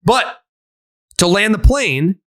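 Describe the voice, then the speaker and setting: A high-voiced man hosting a casual sports podcast. He rants with plenty of profanity and animated energy. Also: slow pace. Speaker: podcast host.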